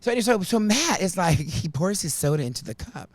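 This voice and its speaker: Animated man telling a story. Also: moderate pace, no echo. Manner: animated, acts out quotes in a high voice; unfiltered, self-mocking humor. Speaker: podcast host. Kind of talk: casual storytelling chat.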